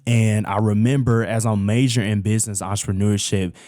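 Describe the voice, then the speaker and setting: A man's voice: fairly low pitch, fairly even intonation, brisk, a little mellow, no room sound. A young man hosting his own show, chatting about his college days in a casual, talkative way and addressing listeners as "y'all". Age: young adult. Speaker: host. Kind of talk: casual personal storytelling.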